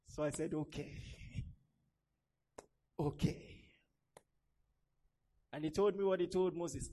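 A man's voice: fairly high pitch, a little slow, long pauses. A young man preaching a sermon, telling stories and acting out the voices of the people in them. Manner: animated storytelling, acts out quoted voices.

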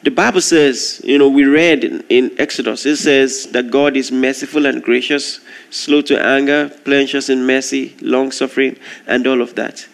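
A man preaching a sermon, retelling a story with lively, acted-out voices. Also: mid-range voice, normal speed, vocal fry. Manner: animated storytelling, acting out crowd shouts.

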